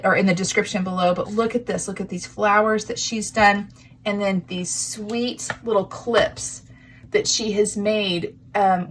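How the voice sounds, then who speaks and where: A crafting channel host shows handmade gifts to the camera, gushing and sentimental, close to tears, with breathy asides. Her voice sits in the mid range, and there's a little hiss or hum on the recording.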